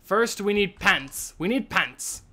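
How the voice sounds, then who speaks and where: Excitable high-voiced young man gaming. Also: takes it slowly. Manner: excitable, laughs often, trails off mid-thought. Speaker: host. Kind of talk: casual gaming commentary.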